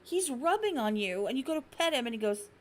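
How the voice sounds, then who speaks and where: Woman, 30s, podcast host; animated storyteller with a higher voice, faint noise underneath. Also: brisk. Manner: animated storyteller, swears freely. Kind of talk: casual chat.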